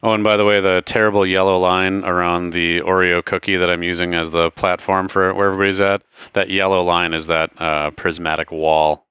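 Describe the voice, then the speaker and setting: A low-voiced man with a smooth, clean tone runs a tabletop game as game master. He makes rulings in a loose, joking way. The sound is dry and close, with faint music behind. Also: brisk, few pauses, no room sound. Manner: casual, joking, relaxed rulings.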